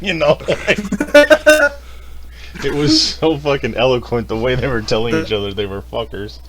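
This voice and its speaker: A man's voice: medium pitch, fairly bright tone. A man co-hosting a podcast, chatting casually about a horror movie, laughing often and swearing. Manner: slow, laughs often, profane. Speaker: podcast co-host.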